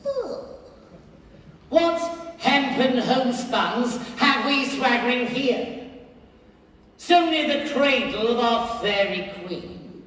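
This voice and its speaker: A man's voice: animated, slow pace, pauses often, heavily acted. A man on a theatre stage playing a mischievous, boastful male fairy sprite in a theatrical manner. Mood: scornful. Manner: theatrical, swinging between low menace and shouts. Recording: echoey theatre hall from far off.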